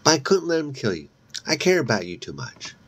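A man reading as a gentle young ghost. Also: medium pitch, huge pitch swings, fairly quick, slightly rough, pitched above the performer's own voice, exaggerated voice. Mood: tender. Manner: soft, earnest.

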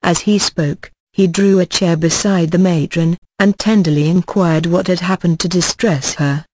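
An audiobook narrator reading a classic novel with measured, even storytelling. The voice sits at a middling pitch and is recorded close and dry, with no room sound. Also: dry recording, rough recording.

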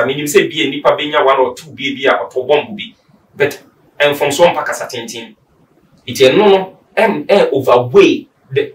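A man with a Ghanaian accent, a guest social commentator giving long, reasoned explanations. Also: medium pitch. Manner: lengthy, reasoned explanations mixing in English. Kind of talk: explaining political views in chat. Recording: roomy, distant mic.

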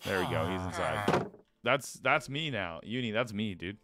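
A man's voice: lowish voice, expressive, moderate pace, loud music behind the voice. A man live-streaming a video game, chatting casually and playfully with his viewers. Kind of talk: live gaming stream chat.

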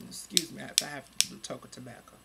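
40s person ranting at the webcam, rough gravelly voice, lots of cussing, goes loud then mutters low. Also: fast, very noisy. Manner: profane and heated, swinging between loud outbursts and low muttering. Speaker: vlogger. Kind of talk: angry webcam rant. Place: at home in front of a computer.

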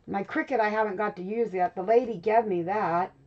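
A woman's voice: medium pitch, fairly quick. Middle-aged woman, craft room host, loose rambling chat, dull home recording. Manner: chatty, laughs often, talks to viewers by name. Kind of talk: casual chat with live viewers.

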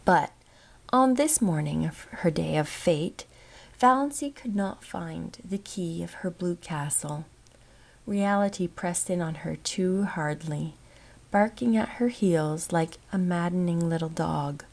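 A woman narrating a classic novel in a measured, expressive reading that dips into soft whispers. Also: lowish voice, creaky. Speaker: audiobook narrator. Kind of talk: scripted narration.

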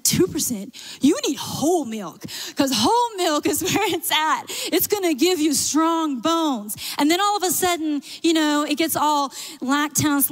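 A woman pastor with a Southern accent, preaching a sermon in an animated way, full of humorous asides. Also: high-pitched, big-room sound. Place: church sanctuary.

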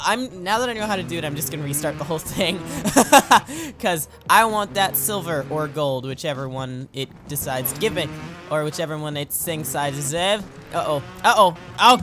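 An excitable young man commentates on his own gameplay, jokey and chatty, talking himself through each move. His pitch swings widely and jumps into yelps and laughs whenever he crashes. Faint game music runs behind him. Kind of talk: let's play commentary.

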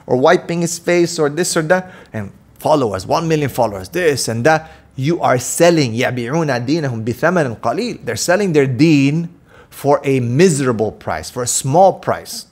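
A man preaching with fire in his voice, scolding his audience and hammering home one rhetorical question after another. His voice sits at an ordinary middle pitch for a man, and he talks straight to the listener in an impassioned monologue. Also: expressive, fast. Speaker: Islamic preacher and counselor.

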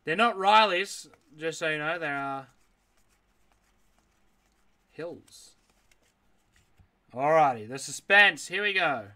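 A man's voice: a little high, expressive, takes it slowly, pauses often, bright, forceful tone. A man running a live card break, reading out names in a list and chatting with viewers. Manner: rattles off names, reacts aloud, chats with viewers. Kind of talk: live card-opening stream.

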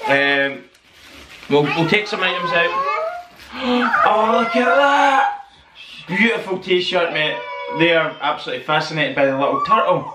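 A channel host from Northern Ireland runs an unboxing vlog, chatty and full of exclamations. His voice is high-pitched and sing-song, at a measured pace. The recording is noisy, with a distant mic in an echoey room.

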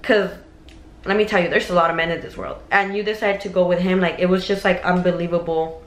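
A woman's voice: on the low side, little pitch movement, fairly quick. Young girl telling gossip while doing makeup, chatty, lots of likes, roomy echo. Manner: chatty, gossipy, mixes in Spanish words. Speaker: beauty vlogger.

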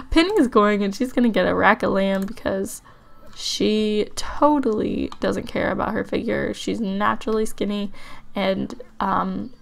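A woman's voice: medium pitch, gravelly. A woman giving casual gameplay commentary as a let's play host, chatty and musing aloud with frequent ums and likes.

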